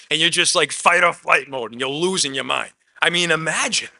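A man preaching a conversational sermon, swinging between emphatic loud lines and quiet asides, often dropping "man" into his talk. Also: fairly high pitch, normal speed, gravelly, hardly any pauses. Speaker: pastor.

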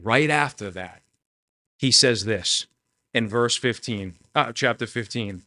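A man preaching a sermon with earnest, emotional delivery, swinging between raised storytelling and quiet emphasis. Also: mid-range voice, slow pace. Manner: earnest, emotional, tearful at moments.

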